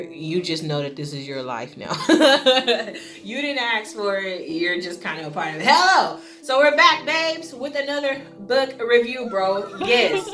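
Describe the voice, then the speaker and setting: A young woman talks casually through a book review, slangy, animated and quick to laugh. Her voice sits in the middle range and rings in an echoey room. Faint music plays underneath. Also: mid-range voice. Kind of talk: casual chat.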